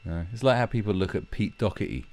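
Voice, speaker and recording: A man delivers casual ranting commentary on his livestream, blunt and mocking, with lots of swearing. His fairly low, darkish voice swings widely in pitch at a fast clip.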